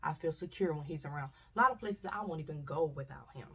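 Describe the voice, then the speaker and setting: Gravelly, husky woman telling a story. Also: deep voice, fast, far from the mic. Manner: animated storyteller, acts out voices, drops to whispers. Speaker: vlogger. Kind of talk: casual storytime.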